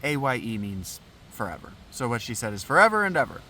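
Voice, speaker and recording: A man's voice: mid-range voice, very animated, fast, sharp tone. A man hosting a podcast, breaking off a reading for wry, chatty asides with fillers. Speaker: podcast host reading a play. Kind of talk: casual aside while reading.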